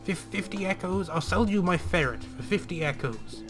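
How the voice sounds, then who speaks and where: A man's voice: sits high, animated, moderate pace, over music. A man putting on the voice of a genteel, hungry old tiger with a British accent, talking in a languid, polite and fussy way.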